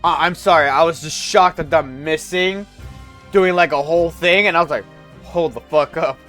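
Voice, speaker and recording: A man's voice: on the high side, fairly even intonation, moderate pace, pushed and bright, faint music behind. A man streaming a game, chatting casually with laughing asides. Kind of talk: casual chat while playing.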